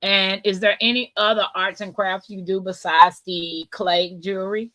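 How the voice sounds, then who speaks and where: Bright-voiced woman hosting a chatty livestream. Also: mid-range voice, steady tone, normal speed. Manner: chatty, reads viewer comments aloud. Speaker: livestream host. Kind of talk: casual live chat.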